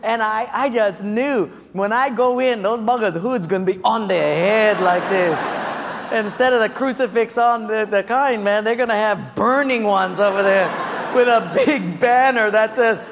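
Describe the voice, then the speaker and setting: Man, pastor, sermon, high voice, animated storytelling, long hall reverb. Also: normal speed, background noise. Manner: animated storytelling with acted-out quotes and laughter.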